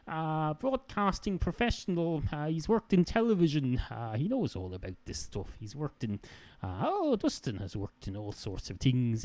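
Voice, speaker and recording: A man's voice: fairly high pitch, dark tone, no echo. Rambling, sweary man hosting a podcast. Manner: meandering, sweary, self-mocking, many "uh" fillers. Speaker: podcast host. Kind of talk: rambling solo podcast monologue.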